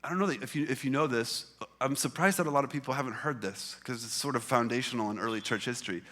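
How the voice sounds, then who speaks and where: A man's voice: medium pitch, quick pace, a bit bright. A man preaching a sermon as pastor in a church, talking in a conversational way with many fillers and restarts. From Canada. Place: church hall with congregation.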